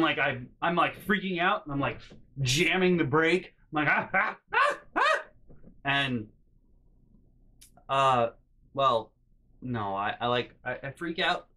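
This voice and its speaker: A young man telling comedic personal stories in a rambling, animated way, with loud acted-out outbursts. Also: mid-range voice. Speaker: storytelling vlogger.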